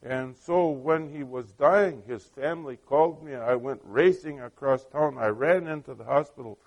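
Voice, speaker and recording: A man's voice: medium pitch, normal speed, highs cut off. A middle-aged man preaching a sermon, telling stories in a conversational way with many asides and questions put to the listeners. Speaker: pastor.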